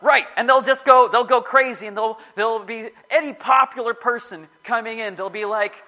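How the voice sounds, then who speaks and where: A man's voice: extremely high pitch, steady tone, moderate pace, sharp tone, rough recording. A man giving a casual, rambling sermon to a small group, often correcting himself as he talks. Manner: rambling, self-correcting, chatty.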